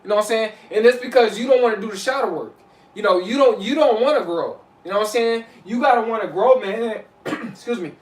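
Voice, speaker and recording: A high-voiced male vlogger talks fairly quickly to camera, giving casual, preachy motivational advice to viewers he calls y'all. He circles back to his points and keeps asking "you know what I'm saying." He sits a little back from the mic, recorded at a distance in a hollow, echoey room.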